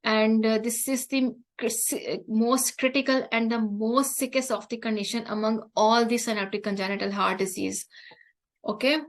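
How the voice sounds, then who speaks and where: Woman lecturing with many halting restarts. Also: fairly high pitch, fairly even intonation, rough recording. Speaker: medical lecturer. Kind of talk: online exam-prep lecture.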